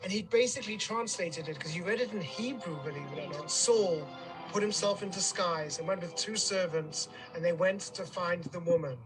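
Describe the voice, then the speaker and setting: A man's voice: high-pitched, normal speed, poor audio. A man telling a vivid, dramatic story as a tour guide, recorded outdoors on a hillside. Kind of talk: on-location storytelling narration. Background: background music.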